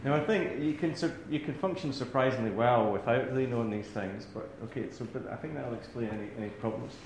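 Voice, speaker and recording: A man's voice: mid-range voice, fast talker, a little mellow, reverberant, slight background noise, low-quality recording. A man with a Scottish accent giving a talk to a live audience in a rambling, self-deprecating way, full of restarts. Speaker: academic speaker.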